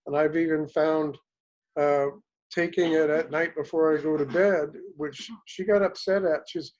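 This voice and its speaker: A man with a fairly high voice tells a loose, rambling story on a group call. He talks from a hotel room, and the call audio comes through muffled and lo-fi. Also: fairly even intonation, measured pace, darkish tone. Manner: rambling and anecdotal, with restarts. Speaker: caller sharing a product testimonial. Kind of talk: casual testimonial on a group call. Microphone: online group call.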